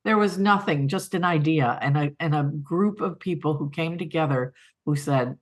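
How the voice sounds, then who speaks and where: A woman's voice: deep voice, normal speed. Earnest, heartfelt middle-aged woman. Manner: heartfelt, earnest, laughs often. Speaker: guest, coaching academy co-founder. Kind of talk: podcast conversation.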